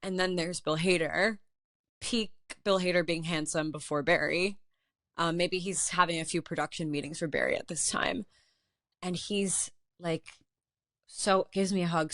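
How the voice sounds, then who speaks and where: A young woman chatting as a guest in a casual interview, telling a story with animated acted-out quotes. Her voice sits somewhat low and sounds dry and close. She says "like" over and over. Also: dry recording. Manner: animated, heavy use of "like", acts out quotes. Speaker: interview guest, artist and writer.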